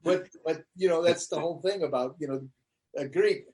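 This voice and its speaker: A man's voice: on the high side, normal speed, slightly rough. A man, a comedian guest in an interview, telling stories in casual chat and acting out quotes. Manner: animated storyteller, acts out quotes.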